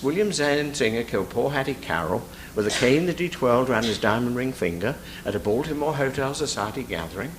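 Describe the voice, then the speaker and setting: Guy giving a lecture, kinda low voice, lots of uh's and restarts, reads verse lines out loud. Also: a little hiss or hum. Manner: deliberate, with frequent "uh" restarts, reciting verse lines aloud. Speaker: literary critic giving a talk. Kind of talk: analytical lecture. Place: lecture hall.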